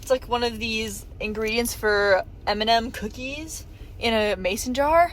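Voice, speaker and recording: A woman's voice: fairly high pitch, a little slow. A young woman in her twenties chatting casually in a vlog, rambling and easily moved, recorded in her apartment. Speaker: vlogger and swim diving coach. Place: apartment, indoors. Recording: roomy audio from a camera off at a distance.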